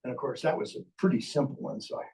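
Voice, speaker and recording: A man's voice: medium pitch, fast, gravelly, dark tone, distant mic, low-quality recording. A man, a ventriloquist and entertainer, telling funny stories live to an audience in a playful, chatty way that teases the crowd. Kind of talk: live comedic storytelling to an audience. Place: stage in a large hall.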